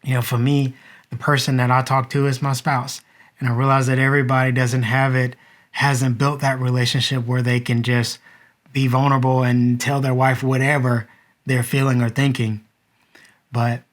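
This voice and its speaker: Man in his 30s, vlogger and dad, earnest reflective storytelling straight to camera. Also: medium pitch. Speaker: vlogger and father.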